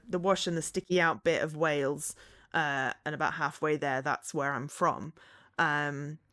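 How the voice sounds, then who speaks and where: Chatting casually while gaming on a live stream, this Midlands woman in her forties rambles, pokes fun at herself, and fills her speech with fillers and restarts, in a fairly neutral English accent. Her voice sits low with a bit of brightness. The studio-quality recording has no echo.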